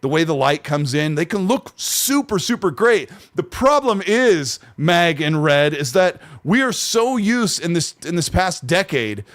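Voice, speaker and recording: A man's voice: on the high side, sing-song, measured pace, few pauses, fairly bright tone, no echo. A man hosting a casual podcast chat, conversational, at times reading aloud from his notes. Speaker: podcast host.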